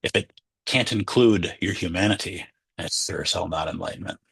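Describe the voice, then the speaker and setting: Man, Zen teacher, dharma talk, low husky voice, dry close sound. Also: normal speed, no room sound. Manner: animated, conversational, acts out inner voices.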